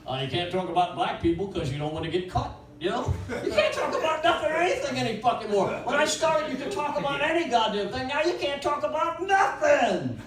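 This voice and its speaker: A man's voice: extremely high pitch, very animated, brisk, few pauses, a crowd in the background. An older man doing rambling, crude stand-up comedy at an open mic in a small bakery, jumping between one-liners. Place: small bakery venue with few people. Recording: roomy echo from a distant mic, faint ambience.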